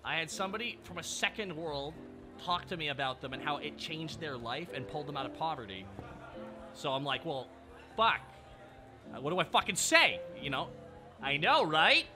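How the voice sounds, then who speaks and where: Sarcastic guy ranting on stream, cusses a lot, high lively voice, faint music behind. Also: brisk. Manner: sardonic, profane, ranting. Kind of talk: casual live-stream chat.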